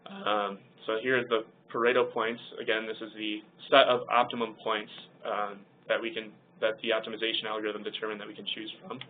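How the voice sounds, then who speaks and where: A man talks through a technical webinar, stopping often on ums and uhs. His voice stays flat and even. It comes through a narrow, phone-like line with a faint hiss behind it. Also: lowish voice, fairly quick, hardly any pauses. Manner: hesitant, many ums and uhs. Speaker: webinar presenter. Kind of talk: technical software webinar walkthrough.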